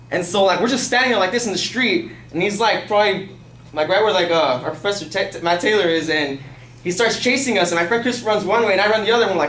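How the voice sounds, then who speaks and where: Fast-talking young man telling a story. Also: a little high, a bit bright. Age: young adult. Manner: rambling, fills speech with "like" and profanity. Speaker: student storyteller. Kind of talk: casual personal storytelling. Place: classroom. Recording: echoey classroom, mic far off, faint hiss.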